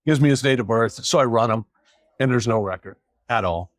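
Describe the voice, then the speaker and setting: A man's voice: mid-range voice, fairly quick, dry recording. A man, a police officer, telling a wry story casually and slipping into other voices when he quotes people. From Seattle area.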